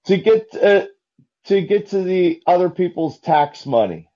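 A man calling in to a live talk show, telling jokes in a halting way with many restarts. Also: sits high, animated, warm tone. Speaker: caller. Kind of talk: casual call-in chat. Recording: dull lo-fi call-in line.

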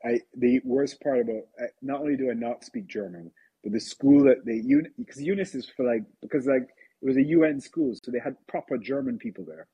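A man in his forties chatting casually on a podcast, rambling and self-deprecating with halting restarts. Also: mid-range voice, warm tone, slightly rough, lo-fi sound. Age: 40s. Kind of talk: casual chat.

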